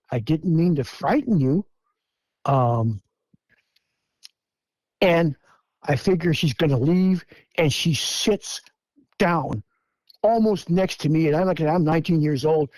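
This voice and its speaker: A man's voice: sits high, a little mellow, no room sound. A man in his seventies from Washington State, a guest telling his story step by step and acting out the lines he quotes. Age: 70s. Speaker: guest eyewitness. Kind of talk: first-person storytelling.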